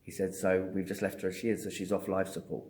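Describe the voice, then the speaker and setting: With a deep voice and a fast pace, a middle-aged psychic medium tells his story in an interview, with slight background noise audible. He's an animated storyteller who acts out the dialogue and hesitates with many ums.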